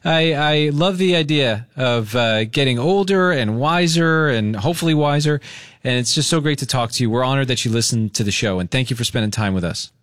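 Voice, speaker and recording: Animated upbeat radio host man. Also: medium pitch, a little fast, no room sound, clean studio sound. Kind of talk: morning radio banter. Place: radio studio. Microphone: studio microphone.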